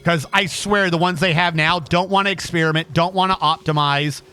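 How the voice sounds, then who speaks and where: A man streaming a game rants casually and heatedly, swearing heavily and stammering through frequent restarts. His fairly high voice is steady in tone, sharp, clear and resonant, at a normal speed.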